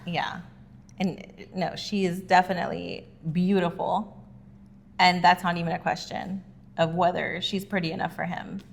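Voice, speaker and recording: A woman's voice: fairly low pitch, little pitch movement, moderate pace, vocal fry, slight background noise. A woman co-hosting a casual podcast, chatting agreeably and quoting her own reactions as she recaps a reality show. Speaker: podcast co-host.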